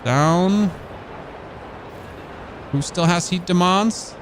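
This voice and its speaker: A man's voice: a little high, expressive, a little slow, a little hiss or hum. A man from Germany with a German accent, commentating casually on a game he is streaming, thinking aloud and talking to his chat.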